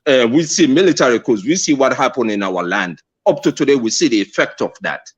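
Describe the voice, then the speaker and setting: A man from Sierra Leone with a Sierra Leonean accent, speaking earnestly and emphatically as a caller in a live discussion, repeating phrases and pausing on fillers. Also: mid-range voice, lively intonation, breathy edge, dull audio. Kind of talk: impassioned call-in discussion.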